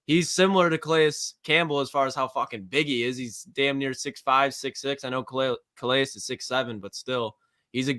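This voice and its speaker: A man's voice: medium pitch, bright, forceful tone, dry recording. A man co-hosting a casual sports podcast, laid-back and casually swearing. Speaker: podcast co-host.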